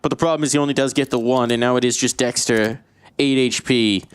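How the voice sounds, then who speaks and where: A man casting esports play-by-play, excitable and jokey, his voice leaping up on big plays. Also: medium pitch, brisk, clean tone, dry recording. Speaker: esports caster. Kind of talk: play-by-play commentary.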